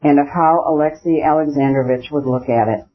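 A man narrating a classic novel as an audiobook in a measured storytelling manner. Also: fairly high pitch. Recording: dull lo-fi recording.

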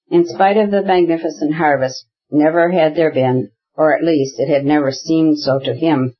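An audiobook narrator gives a steady, measured reading of a classic novel. The voice is somewhat husky, and the recording is muffled and lo-fi. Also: mid-range voice.

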